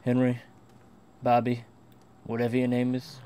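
A man's voice: medium pitch, monotone, a little slow, mellow. A young man in casual game commentary, goofy and rambling, who keeps slipping into silly voices. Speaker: gaming commentator. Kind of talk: casual let's play commentary.

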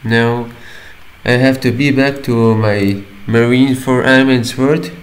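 A man talks through a software tutorial at an easy, unhurried pace, his pitch sitting in a middling range. He explains each step plainly and drops an "okay" between steps. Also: steady tone, rough recording. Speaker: tutorial maker. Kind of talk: screen-recording tutorial voice-over.

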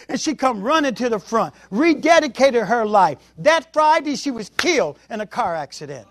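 A man's voice: very high voice, very animated, a little fast, hardly any pauses, no room sound, studio quality. A male preacher giving a testimony sermon, telling stories with emphasis. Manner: emphatic storytelling.

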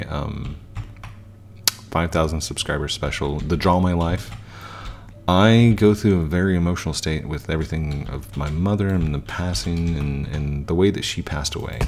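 A gaming YouTuber in his thirties talks casually and reflectively as he plays, often restarting sentences and leaning on fillers. His bass voice is unhurried and darkish in tone, with faint music behind him.

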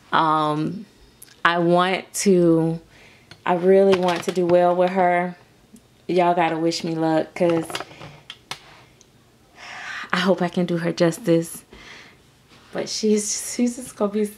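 Woman vlogger, unhurried, gushing chat to viewers. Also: medium pitch. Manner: gushing, exclaims often, speaks to viewers as "y'all" and "baby". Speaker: reborn doll artist. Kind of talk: casual vlog chat.

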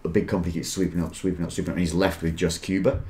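An Australian man with a low, deep voice hosts a casual podcast chat. He tells stories in an easygoing way, swears without fuss and laughs often. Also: rapid-fire, a crowd in the background. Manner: relaxed storytelling, laughs easily, swears casually. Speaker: podcast host.

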